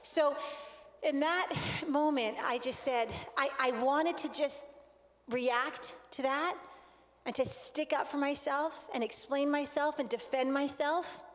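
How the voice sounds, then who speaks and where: A woman with a high voice tells a personal story from the stage in an earnest, animated sermon style. Her voice carries with a long reverb through a large hall. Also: slow. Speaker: speaker at a relationship conference.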